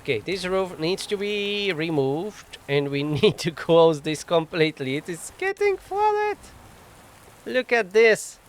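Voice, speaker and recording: Speaking slowly in a high-pitched, sing-song voice, a gaming channel host talks through his moves in a relaxed let's play. He chuckles a lot and mocks himself wryly, recorded on a desk microphone.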